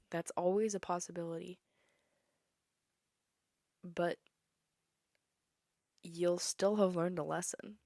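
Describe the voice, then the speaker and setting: A teenage girl talks through her own podcast in a chatty, opinionated way. Her voice sits a little low for a woman. The recording is dry and close, with no room sound around her. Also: darkish tone, no room sound. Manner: chatty, opinionated, breaks into song. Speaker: podcast host. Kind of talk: casual solo podcast monologue.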